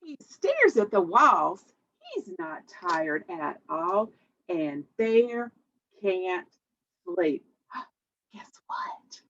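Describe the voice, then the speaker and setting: A woman leads a children's storytime, reading slowly and deliberately with a very lively, swooping pitch. She gasps and sings along to keep little ones engaged. The recording is dull and lo-fi. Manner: animated, sing-song, gasps for effect. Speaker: children's librarian, storytime host. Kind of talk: children's storytime read-aloud. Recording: dull lo-fi audio.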